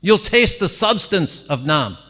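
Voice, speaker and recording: A man giving an animated devotional talk at a temple gathering, often breaking into laughter and exclamations. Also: a little high, measured pace. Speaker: visiting speaker at a temple gathering. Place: temple hall. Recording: long reverb of a hall.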